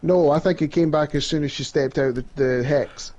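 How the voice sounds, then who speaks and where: A Scottish man co-hosting a podcast in casual chat, excited and repeating himself when he gets worked up. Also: a little high, moderate pace. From Scotland. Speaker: podcast co-host.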